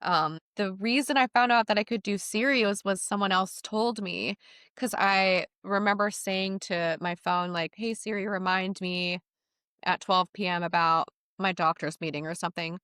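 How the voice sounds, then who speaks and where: A young woman, a content creator and voice actor, chatting in a casual interview, lively and laughing often as she slips into playful voices. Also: medium pitch, moderate pace, smooth, no room sound, clean studio sound.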